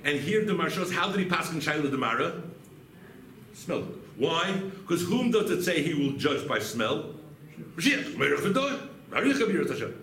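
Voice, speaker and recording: A man teaching a Talmud lesson as a rabbi, animated and often asking rhetorical questions with a quick "right?". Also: a little high. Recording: echoey room with faint background noise.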